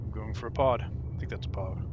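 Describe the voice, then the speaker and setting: Over faint game music in a slightly dull, lo-fi and very noisy recording, a man with a lowish voice talks fairly quickly. He's giving casual, joking let's-play commentary on a video game he's playing for the first time, and he swears a lot.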